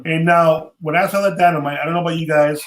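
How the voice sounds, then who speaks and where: A man's voice: on the high side, fairly even intonation, quick pace, reverberant. A man hosting a podcast, recapping a show in casual, rambling chat and often repeating himself. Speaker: podcast host.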